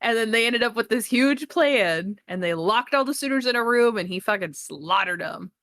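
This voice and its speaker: A woman co-hosting a casual movie review podcast, excitable and swearing freely, acting out characters with big jumps in her voice. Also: on the high side, moderate pace, no room sound, studio quality. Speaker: podcast co-host.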